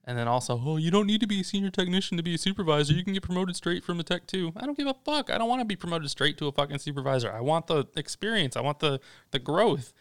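A young man with a smooth, clean voice, recorded dry and close. He co-hosts a casual podcast chat and vents heatedly, cursing freely. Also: a little high, lively intonation, fast, hardly any pauses, no echo. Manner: heated, swearing often, venting. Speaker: podcast co-host.

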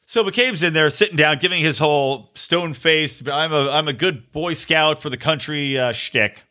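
A man's voice: on the high side, moderate pace, pushed and bright. A man hosting a podcast, delivering a sarcastic, ranting political commentary monologue and swearing freely. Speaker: podcast host.

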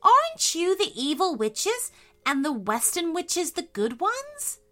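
A woman voicing a curious young girl in a storybook reading, her pitch raised and questioning. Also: wildly swooping pitch, unhurried, fairly bright tone, soft background music, full character voice. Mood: puzzled.

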